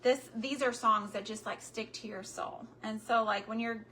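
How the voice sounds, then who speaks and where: A woman's voice: a little high, fairly even intonation, moderate pace, bright, forceful tone. A woman chatting casually with her viewers while crafting, tender and a little sentimental, often speaking straight to them. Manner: talks directly to viewers.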